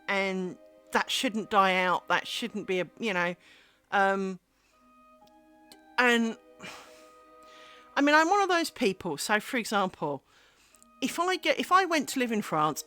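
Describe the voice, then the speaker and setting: A woman's voice: medium pitch, pushed and bright. A woman chatting casually on a live stream while she makes lace, rambling and self-deprecating, with lots of fillers.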